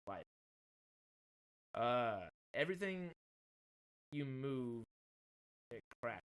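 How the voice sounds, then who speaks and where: A streamer chats casually from his home streaming room, rambling and correcting himself while fixing problems with his desktop USB mic, which has a pop filter. His mid-range voice is smooth and fairly bright, sing-song in shape and extremely slow.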